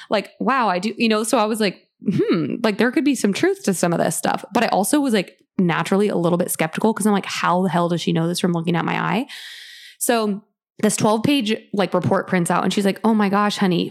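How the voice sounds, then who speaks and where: Gravelly-voiced woman telling a story. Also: medium pitch. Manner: chatty, many "like" fillers, animated retelling. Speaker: podcast host sharing her story. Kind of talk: casual storytelling.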